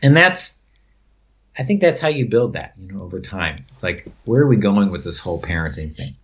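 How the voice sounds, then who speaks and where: A man's voice: deep voice, animated, brisk, breathy edge. A man telling rambling stories in a casual conversation, with many fillers and frequent laughs. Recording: dull lo-fi recording.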